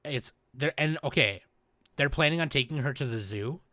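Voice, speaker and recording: A man hosting a podcast, recapping in a rambling, animated, casual way and swearing freely. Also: medium pitch, normal speed, no echo. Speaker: podcast host. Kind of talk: casual chat.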